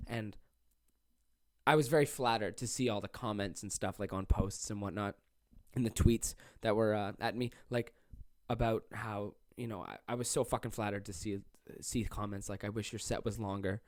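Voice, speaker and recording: A man's voice: on the low side, normal speed, no room sound, clean studio sound. A young man hosting his own podcast alone in a small room, talking in a rambling, profane, self-deprecating way while jet-lagged. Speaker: podcast host and stand-up comedian. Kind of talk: casual solo podcast monologue.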